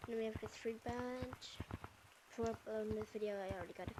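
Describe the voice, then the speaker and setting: A woman's voice: a little high, fairly even intonation, a little fast, background noise. A woman giving casual, rambling gameplay commentary as a channel host, with frequent fillers.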